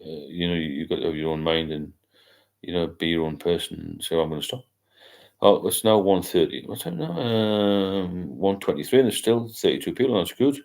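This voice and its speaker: A man's voice: deep voice, animated, normal speed, creaky, darkish tone. An older man, hosting a casual late-night livestream and rambling as he reads out viewer comments. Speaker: livestream host.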